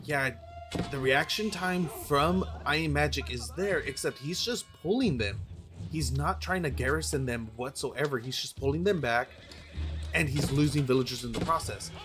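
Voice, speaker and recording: A man casting a strategy game with a medium-pitched, hoarse voice, talking through the match in an opinionated way and often stopping to correct himself. Game music plays clearly behind him. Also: moderate pace. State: losing his voice. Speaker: game caster. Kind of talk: play-by-play strategy game commentary.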